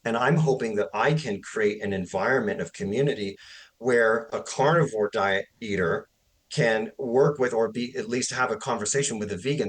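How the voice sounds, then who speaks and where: Passionate, outspoken man in his forties. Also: mid-range voice. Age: 40s. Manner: passionate, emphatic and opinionated. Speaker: fitness coach guest. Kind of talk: podcast interview conversation.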